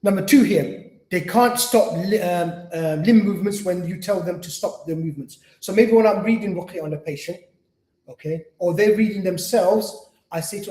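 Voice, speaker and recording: A man's voice: high-pitched, normal speed, a little mellow. A man teaching a lecture at an Islamic centre, talking earnestly, repeating his points and acting out what patients say. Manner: repetitive, earnest, acts out quoted patients. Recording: roomy echo.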